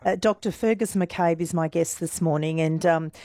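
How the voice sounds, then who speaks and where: Radio host lady, really low mellow voice, gentle and reassuring, dry close mic. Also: moderate pace, dry recording. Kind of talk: morning radio interview.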